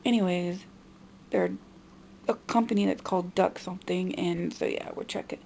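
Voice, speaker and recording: A woman's voice: fairly even intonation, normal speed, darkish tone, slight background noise. A young woman vlogger venting in a frustrated monologue about her family. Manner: frustrated, mimicking others in a high nagging voice.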